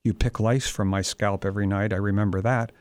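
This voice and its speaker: A man voicing a calm, steady man who answers evenly while reading his novel aloud. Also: on the low side, brisk, clear, resonant tone, no room sound, close to an everyday voice. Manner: calm, level.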